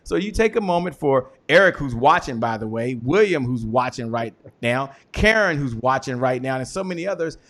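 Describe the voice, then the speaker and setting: A man hosting an interview show, talking casually and excitably, cheering on his guest. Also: medium pitch, normal speed, few pauses. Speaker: show host.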